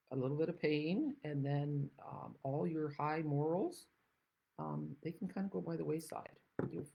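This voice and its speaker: A woman's voice: sits low, gravelly, dark tone, husky, low-quality recording. A woman from the Netherlands hosting a card-making tutorial, chatting with rambling, self-deprecating asides. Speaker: craft demonstrator and channel host.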